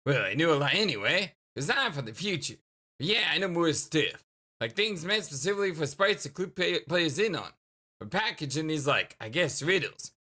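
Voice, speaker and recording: A man's voice: fairly high pitch, very animated, moderate pace, sharp tone, voice pushed up, full character voice. A man doing a laid-back ironic sprite boy. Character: older cool ironic teen boy sprite.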